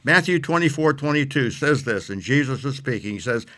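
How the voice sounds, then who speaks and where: A man teaching on scripture as an interview guest, speaking emphatically and reading verses slowly. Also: mid-range voice, expressive, pushed and bright.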